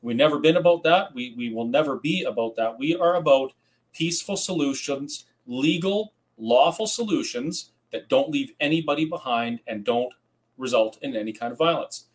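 A man's voice: mid-range voice, normal speed. A man hosting a webinar, speaking earnestly and reassuring the viewers. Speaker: webinar host.

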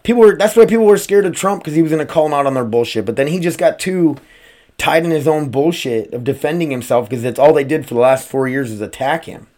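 This fast-talking American man has a somewhat high voice with a darkish tone. Hosting his own podcast as a streamer, he delivers a casual solo rant full of profanity, tangents and rhetorical questions.

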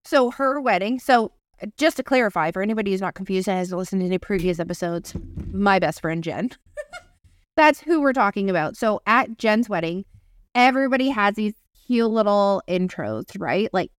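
A woman co-hosting a casual podcast, telling a story in an animated way, swearing freely and acting out quoted voices. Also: mid-range voice, normal speed, smooth, no room sound, clean studio sound. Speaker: podcast co-host.

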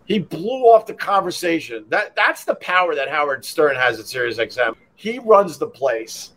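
Storytelling radio host. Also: male voice, a little high, normal speed. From Long Island, New York. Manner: rambling, animated, acts out voices in quotes. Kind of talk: casual storytelling podcast.

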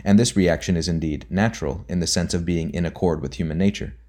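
A man narrating an audiobook in a measured, deliberate reading. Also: sits low, darkish tone.

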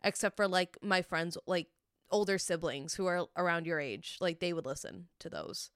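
Woman, smooth low voice, dry close sound, casual teasing podcast chat. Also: no room sound. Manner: quick teasing reactions. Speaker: podcast co-host.

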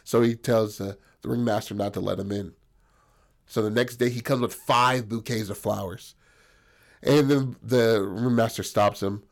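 A man's voice: lowish voice, fairly even intonation, normal speed, gravelly. A young man casually telling a story, rambling and profane, full of fillers.

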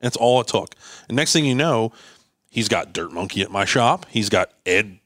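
A man telling a long story on a podcast as a guest, acting out what people said with lively jumps in voice and frequent restarts. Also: lowish voice, moderate pace, no room sound, clean studio sound. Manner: animated, acts out quoted dialogue, frequent restarts. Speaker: guest, landscaping business owner.

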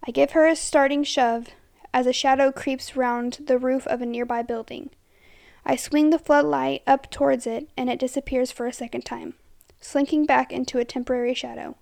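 A woman with a high, slightly gravelly voice reads a first-person horror story aloud. Her delivery is steady and dramatic, and at times she drops to a hushed tone. The sound is dry and close. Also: moderate pace, no echo.

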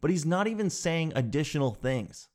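A man telling a comic story in an animated, exasperated, sarcastic way. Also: on the high side, moderate pace.

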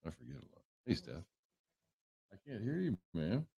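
A man's voice: mid-range voice, big pitch swings, moderate pace, gravelly, warm tone, slightly rough, no echo. A man hosting a livestream, chatting casually and joking as he greets viewers by name. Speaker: livestream host. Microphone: headphones on a livestream setup.

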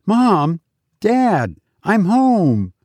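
Guy doing a little boy voice, high and pleading, calling for mom and dad, story reading. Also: wildly swooping pitch, drawn-out words, darkish tone, dry recording, exaggerated voice. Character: young boy searching for his missing parents.

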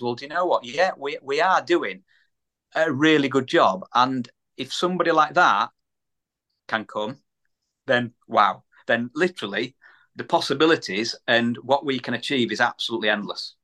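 A man's voice: mid-range voice, moderate pace, pushed and bright. A man from the UK, a small business owner, telling a story in a casual podcast chat, repeating words and acting out the voices of people he quotes.

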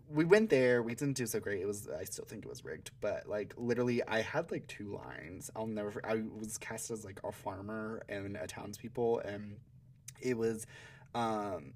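A young man from Georgia hosting a podcast, telling stories in a chatty, sassy way and laughing often. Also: fairly low pitch. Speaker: podcast host. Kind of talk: casual solo storytelling.

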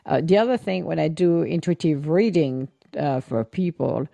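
Chatty woman with a dark, low voice. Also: normal speed, creaky, no room sound. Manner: chatty, animated, acts out quoted voices. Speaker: host and intuitive reader. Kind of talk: casual live-stream chat.

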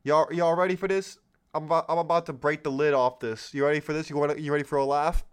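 A man's voice: fairly high pitch, fairly even intonation, fast talker, clear, resonant tone. A man hosting his own commentary podcast, talking in a sarcastic, mocking way with lots of exclamations. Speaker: podcast host. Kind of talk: solo political commentary podcast.

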